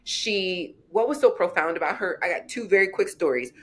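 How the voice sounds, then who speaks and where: Animated woman in her forties. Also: fairly low pitch, normal speed. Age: 40s. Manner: animated storyteller, acting out quoted voices. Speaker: guest, author. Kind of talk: podcast interview storytelling.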